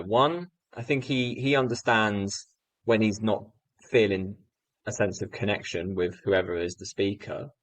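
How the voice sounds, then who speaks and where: A man in his thirties from the UK, a guest telling a teaching story in animated anecdotal style. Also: fairly low pitch, no echo, poor audio. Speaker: guest speaker. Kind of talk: storytelling in a podcast interview.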